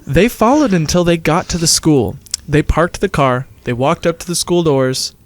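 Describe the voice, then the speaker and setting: A young man with a fairly high voice reads a wild story aloud to a friend. He is casual and profane, breaks into laughter often, and throws quick voices onto the characters. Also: expressive, noisy background. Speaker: co-host reading a story aloud.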